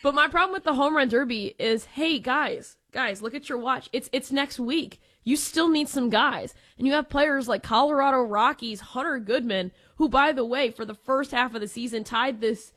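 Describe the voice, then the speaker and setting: A woman co-hosts a sports radio show with a high voice, giving blunt, lively takes. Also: normal speed, hardly any pauses. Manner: opinionated, animated. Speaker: radio co-host. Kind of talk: casual sports radio chat.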